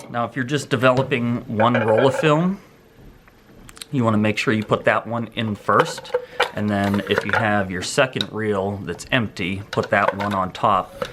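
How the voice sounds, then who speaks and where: Low-voiced man teaching a hands-on tutorial. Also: very noisy. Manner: relaxed, rambling, thinks aloud while working. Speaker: photography instructor.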